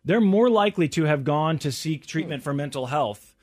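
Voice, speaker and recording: Animated and slightly mellow, this podcast host's voice sits a little high and moves at normal speed. He's reading survey stats aloud in a casual chat, tossing in wry asides.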